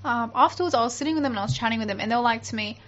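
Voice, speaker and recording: A woman's voice: a little high, rapid-fire. Chatty young woman, lo-fi podcast. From Australia. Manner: chatty, laughing storyteller. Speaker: podcast co-host. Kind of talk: casual chat. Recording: dull lo-fi sound.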